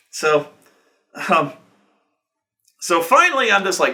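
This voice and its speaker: Animated, bright-voiced man telling a game story. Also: a little high, slow, pauses often. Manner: profane, animated, fills speech with "like". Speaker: storyteller recounting a tabletop game. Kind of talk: casual anecdote.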